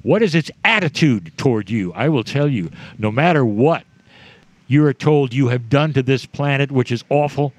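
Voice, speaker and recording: Before a live crowd, a man delivers what he presents as a channeled spiritual message, talking straight to the audience in brief, measured phrases. His mid-range voice is animated, and the recording is dry.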